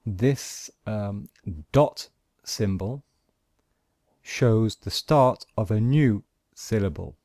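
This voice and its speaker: A man teaching pronunciation, patiently explaining phonetic symbols and modelling each sound slowly. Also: fairly low pitch, warm tone, no echo, clean studio sound. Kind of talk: slow, deliberate lesson explaining phonetic symbols.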